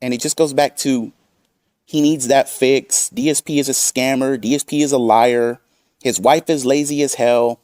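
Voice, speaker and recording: A commentary-channel host reads chat messages aloud and mocks them, combative and swearing throughout. His mid-range, darkish voice holds a steady tone at normal speed. The sound is studio quality with no echo.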